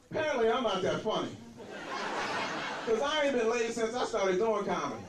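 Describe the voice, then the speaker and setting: A man doing a crude, brash stand-up comedy set in a comedy club, slipping into quick impressions of the people in his stories. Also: very high-pitched, big pitch swings. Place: comedy club stage with a laughing audience. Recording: roomy club recording from a distance, crowd laughter.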